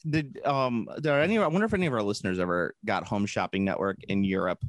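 Rambling, animated man co-hosting a podcast. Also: on the low side, fast talker, dry recording, clean studio sound. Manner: rambling, animated, puts on silly voices. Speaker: podcast co-host. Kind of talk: casual chat.

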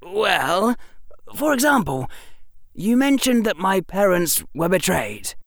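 A man's voice: high voice, big pitch swings, slow pace, gravelly, no echo, studio quality, voice pushed up, full character voice. A man voicing a clever, flippant eleven-year-old boy wizard in a wry, rambling manner. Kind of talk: audiobook character voice.

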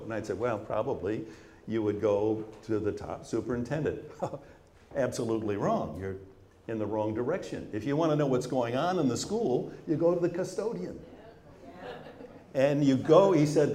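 A man's voice: medium pitch, normal speed, dark tone. A man sharing anecdotes and advice in conversation, sometimes repeating words as he starts a thought. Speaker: author and guest. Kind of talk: storytelling in conversation. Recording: roomy echo.

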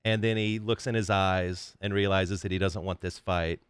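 A man with a fairly low, smooth and resonant voice hosts a podcast, eagerly recounting movie and soundtrack trivia. The sound is dry and close to the mic. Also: fairly even intonation, moderate pace, dry recording. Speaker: podcast host. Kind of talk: casual chat.

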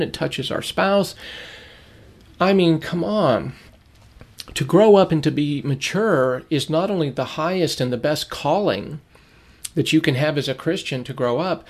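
A man giving sermon-style Bible teaching, earnest and emphatic, repeating key phrases for stress. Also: mid-range voice.

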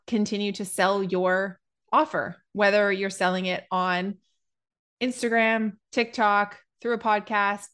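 A woman speaking as a business coach in a casual podcast conversation, explaining in a measured, thoughtful way with pauses. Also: mid-range voice, a bit bright.

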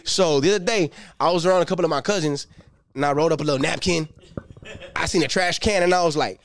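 A young man doing a profane, streetwise stand-up routine and breaking into shouted bursts. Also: on the high side, fast. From Los Angeles. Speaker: stand-up comedian.

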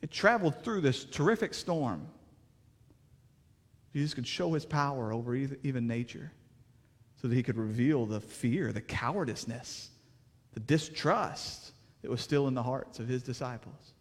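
Animated man preaching in a reverberant hall. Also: medium pitch, normal speed. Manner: emphatic preaching with rhetorical questions, swinging from loud to hushed. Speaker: pastor. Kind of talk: sermon.

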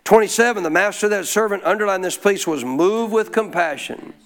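A man teaching scripture in a folksy, informal way, prompting listeners to answer him out loud. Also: sits high, fairly quick. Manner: call-and-response, prompts listeners to answer aloud. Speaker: Bible teacher. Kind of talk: interactive Bible teaching.

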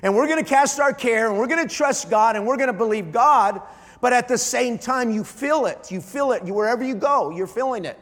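A middle-aged man, a pastor, preaching an emotional sermon, often halting and repeating his starts. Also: extremely high pitch, a bit bright, big-room sound. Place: large church hall.

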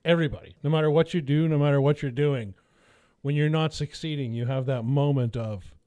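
Animated storyteller, man, slightly high voice, casual podcast host. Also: brisk, smooth. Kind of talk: casual fishing chat.

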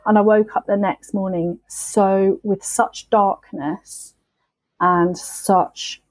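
A woman on a podcast, telling her sobriety story in a candid, emotional, halting way. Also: mid-range voice, fairly even intonation, no echo, rough recording. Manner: emotional, halting, with frequent restarts and swearing.

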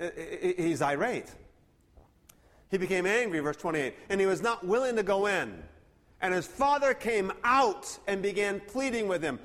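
Man, high voice, pastor, sermon, earnest, stammered restarts, reads scripture aloud. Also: fairly bright tone.

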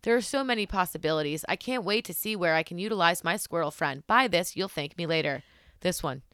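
A young woman hosts a laid-back chat, her voice bright and smooth against a dry, close sound. She giggles easily and reads things aloud with playful, exaggerated emphasis. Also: fairly low pitch, lively intonation, fairly quick, no echo. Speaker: host. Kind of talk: casual chat.

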